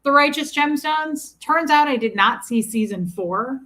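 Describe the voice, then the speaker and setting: Co-host, woman in her forties, bright tone, blunt and candid, casual stream chat. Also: high-pitched, animated, a little slow. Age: 40s. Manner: candid, blunt, swears freely. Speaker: co-host of a livestream. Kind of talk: casual chat reading viewer comments.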